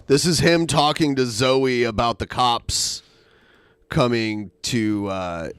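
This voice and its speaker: A man co-hosting a podcast, reading out messages and adding quick explanatory asides. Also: mid-range voice, fairly bright tone, clean tone, dry recording. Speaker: podcast co-host. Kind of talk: casual chat.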